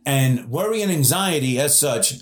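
A male pastor preaching a sermon with emphatic delivery, slowing down and speeding up, often repeating and restarting words. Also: mid-range voice, expressive, roomy sound.

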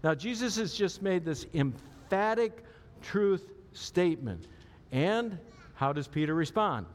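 A man's voice: sits high, very animated, takes it slowly. A man preaching a sermon as pastor, conversational and often asking the audience questions. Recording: long hall reverb.

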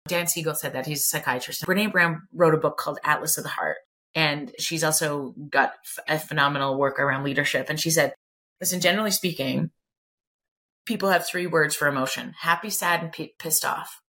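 A woman's voice: sits low, a little fast, fairly bright tone. A middle-aged woman, a clinical psychologist talking candidly as an interview guest, emphatic and blunt, swearing casually.

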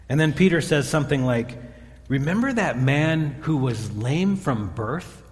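Animated preacher in a reverberant hall. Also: male voice, mid-range voice. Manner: animated storytelling, voicing biblical characters. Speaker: pastor. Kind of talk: sermon.

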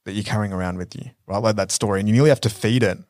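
A man, co-hosting a podcast, telling reflective stories in a relaxed way with lots of fillers. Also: lowish voice, racing, no room sound, studio quality. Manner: reflective storytelling with many fillers. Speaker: podcast co-host. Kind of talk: casual conversational chat.

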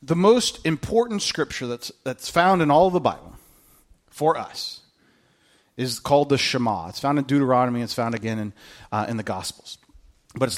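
A man preaching an Easter sermon in a casual, conversational way, reading scripture aloud and moving between quiet asides and emphatic peaks. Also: medium pitch, animated, moderate pace. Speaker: pastor.

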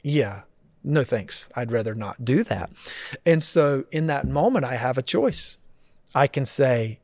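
A man's voice: mid-range voice, expressive, a little slow, dry recording, studio quality. A man in his forties, a pastor, answering interview questions in a reflective, earnest way, thinking aloud.

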